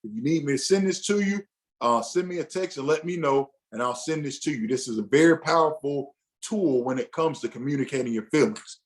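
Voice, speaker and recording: A man's voice: a little high, fairly quick. Man teaching a casual men's session. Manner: conversational, loose, with frequent restarts and acted-out inner dialogue. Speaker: men's group facilitator.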